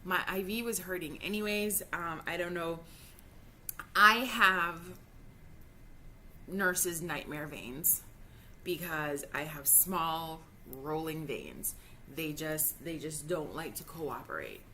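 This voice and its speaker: A woman's voice: low voice, lively intonation, slow, pushed and bright, a little hiss or hum. A woman in her thirties venting frankly in a personal vlog, heated and swearing freely, stumbling over her words when upset. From Jamaica. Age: 30s. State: upset and frustrated. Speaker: vlogger. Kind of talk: emotional personal vlog rant.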